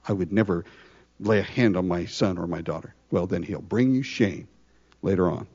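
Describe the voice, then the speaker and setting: A man preaching a conversational sermon, full of rhetorical questions and lively asides. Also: deep voice, moderate pace, breathy edge, dull audio. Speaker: pastor.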